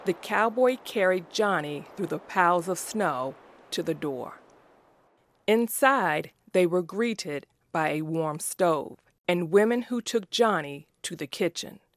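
A woman reading a story aloud in a slow, even, careful way. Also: on the low side. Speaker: narrator.

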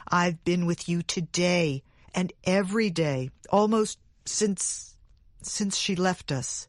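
A woman voicing a gentle, worried husband who coaxes softly. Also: on the low side, slow pace, dry recording, studio quality. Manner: soft, coaxing.

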